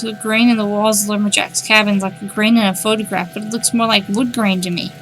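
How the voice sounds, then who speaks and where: A woman's voice: medium pitch, flat delivery, fast, a bit bright, soft background music. A woman streaming a game, chatting wryly, thinking aloud and reading on-screen text. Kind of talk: casual let's-play commentary.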